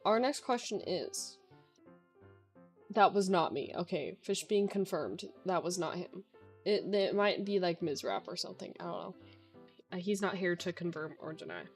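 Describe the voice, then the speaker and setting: A woman's voice: fairly low pitch, lively intonation, moderate pace, faint music behind. A young woman streamer in a casual Q&A chat, talking in a chatty way with lots of filler words.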